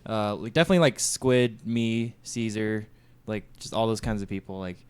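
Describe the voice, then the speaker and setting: A man's voice: on the low side, fairly even intonation, normal speed, clear, resonant tone. Young man telling stories casually. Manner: storytelling with lots of fillers and acted-out quotes. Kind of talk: casual chat.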